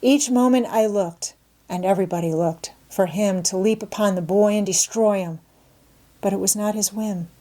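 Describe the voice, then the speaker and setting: An audiobook narrator reads a classic novel aloud in a medium-pitched voice. She tells the story in a measured, expressive way.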